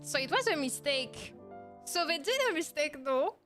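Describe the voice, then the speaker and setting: A playful French woman streamer with a bright, high voice chats casually with her viewers. Her English carries a clear French accent and slips into French words. Faint music plays underneath. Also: expressive, normal speed. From France. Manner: playful, mixes in French words, laughs often. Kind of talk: casual live stream chat.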